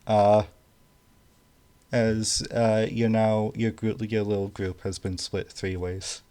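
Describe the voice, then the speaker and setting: A man narrating a tabletop game as game master, halting and full of fillers. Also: on the low side, level tone, warm tone.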